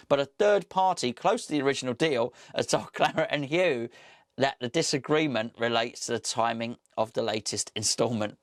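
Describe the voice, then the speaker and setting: A man hosts a football podcast alone, reading out news items and adding sarcastic asides. His voice sits fairly high for a man. The recording is dry and close, with no room sound. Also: no room sound. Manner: wry and sarcastic, with frequent asides. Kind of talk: casual solo commentary, reading out news.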